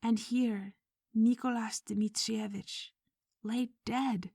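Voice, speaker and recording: A woman reading a short story aloud in measured audiobook narration, sometimes dropping to a whisper. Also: medium pitch, a little mellow, dry recording, studio quality. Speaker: audiobook reader.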